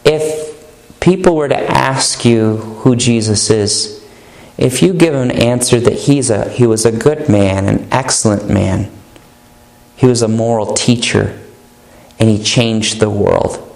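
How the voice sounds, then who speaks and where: A man's voice: mid-range voice, takes it slowly, gravelly, a little mellow. A male pastor preaching a sermon in an earnest, emphatic manner, stretching out key words. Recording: echoey room.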